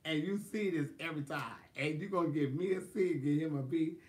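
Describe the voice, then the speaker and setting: Sassy vlogger man, slightly raised pitch, chatty and animated. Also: a little fast. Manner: sassy, animated, laughs often, quotes people in exaggerated voices. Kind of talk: casual storytelling chat.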